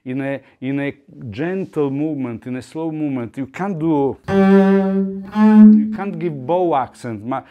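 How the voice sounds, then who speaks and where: Man teaching double bass. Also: muffled recording. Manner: explanatory, halting, many restarts and fillers. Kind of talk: instrument masterclass demonstration. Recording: faint bowed string music behind.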